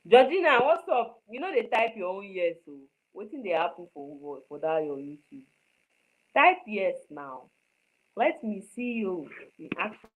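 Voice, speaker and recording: A woman's voice: mid-range voice, very animated, normal speed, narrow, tinny audio. A woman teaching screenwriting in a live online class, stressing her points with repetition and often checking whether her students understand. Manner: emphatic, repeats points, asks students if they understand.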